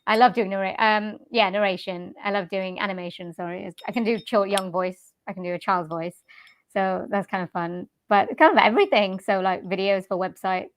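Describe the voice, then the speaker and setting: A woman's voice: medium pitch, fairly quick. A young woman, a singer and voice artist, chatting casually as an interview guest, laughing often and restarting her sentences. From Wales.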